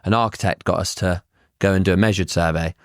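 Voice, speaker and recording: A man's voice: low voice, fairly even intonation, fast, no room sound, clean studio sound. A man, a surveyor, telling blunt anecdotes in casual podcast chat and swearing freely.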